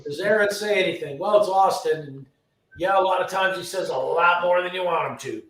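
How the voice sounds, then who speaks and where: A man's voice: high voice, a little fast, a bit bright, a little hiss or hum. A man hosting a live stream from his car restoration garage, joking and answering viewer questions in casual chat. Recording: roomy echo from a distance.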